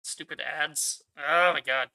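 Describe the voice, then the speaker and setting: A man's voice: a little high, steady tone, slow pace, bright, forceful tone, faint music behind. A man streaming a game and chatting casually, laid-back, laughing and swearing as he reacts. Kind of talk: casual gaming reaction chat.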